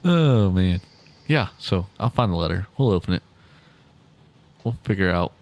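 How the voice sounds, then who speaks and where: A man co-hosting a podcast, answering in dry, laconic remarks with a low voice. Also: expressive, measured pace, a little mellow. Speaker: podcast co-host, editor. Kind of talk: casual podcast banter.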